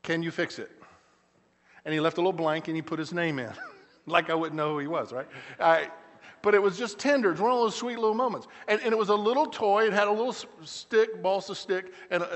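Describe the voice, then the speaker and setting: A middle-aged man, a pastor preaching a sermon, telling stories with frequent restarts and shifting between loud emphatic lines and quiet, slow asides. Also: high-pitched, steady tone. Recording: church hall with long reverb.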